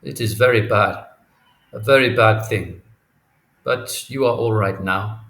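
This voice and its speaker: A man reading a reserved middle-aged farmworker, speaking slowly in formal phrases. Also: on the low side, fairly bright tone. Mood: measured. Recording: echoey room, faint noise.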